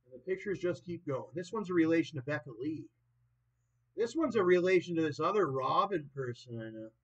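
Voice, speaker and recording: High-voiced man ranting, lo-fi. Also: lively intonation, a little fast. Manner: profane, erratic, loud and soft by turns. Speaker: vlogger. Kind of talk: rambling monologue. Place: old property in the countryside. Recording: dull lo-fi recording.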